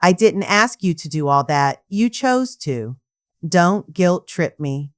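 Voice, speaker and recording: A woman voicing an irritated grown son on the phone, speaking in a flat, dismissive tone. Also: fairly low pitch, slow pace.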